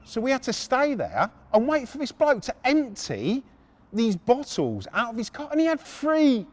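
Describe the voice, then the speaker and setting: A man hosting a storytelling podcast, brash and animated, with frequent swearing. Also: very high-pitched, normal speed. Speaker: podcast host.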